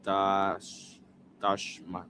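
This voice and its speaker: Male scripture reader, bright-toned, slow and halting, sounds out words piece by piece. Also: sits low, little pitch movement, slight background noise. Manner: halting, sounding out words, repeating after a prompter. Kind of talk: reading scripture aloud syllable by syllable.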